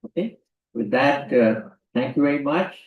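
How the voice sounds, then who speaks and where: A man's voice: medium pitch, expressive, moderate pace, lo-fi sound. Emphatic man lecturing in a roomy hall. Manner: emphatic, repeats key phrases. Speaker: guest lecturer. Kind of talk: lecture to students. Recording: roomy hall, distant mic.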